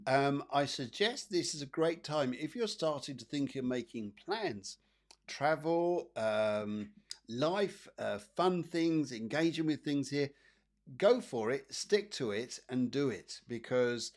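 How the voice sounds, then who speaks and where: A man hosts a live psychic reading stream, talking through cards for his viewers. He rambles, repeats his phrases and fills the gaps with ums and ahs. His voice sits in an ordinary middle pitch. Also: expressive, slow. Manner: chatty, rambling, repeats phrases, frequent fillers. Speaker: psychic medium host.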